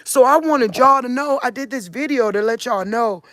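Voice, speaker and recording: A woman's voice: on the high side, moderate pace, a bit bright, dry recording. Earnest country-talking woman in her forties. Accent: country Midwestern US. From Cleveland, Ohio. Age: 40s. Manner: earnest, talks in a drawl, keeps asking "you get what I'm saying?". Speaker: vlogger. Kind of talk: casual monologue to viewers.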